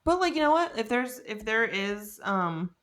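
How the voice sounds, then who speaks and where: A woman's voice: on the high side, very animated, normal speed, a bit bright. A young woman co-hosting a podcast, chatting casually and gossiping with frequent laughs. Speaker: podcast co-host. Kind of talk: casual chat.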